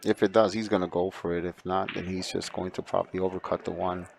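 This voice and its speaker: A man's voice: low-pitched, flat delivery, quick pace, creaky, noisy background. A man giving explanatory color commentary on a billiards match, breaking down shots.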